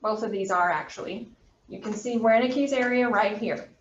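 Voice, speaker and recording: A woman gives a college anatomy lecture in a classroom, quick and emphatic, drifting into chatty asides. She sounds far from the mic in a roomy, echoing space. The recording is dull and muffled, with faint room noise behind her. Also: on the high side.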